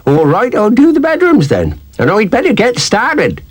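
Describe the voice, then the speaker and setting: A man's voice: high-pitched, wildly swooping pitch, normal speed, no room sound, pitched above the performer's own voice, heavily acted. A man voicing an elderly grandmother who keeps house, fussy and set in her ways. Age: older.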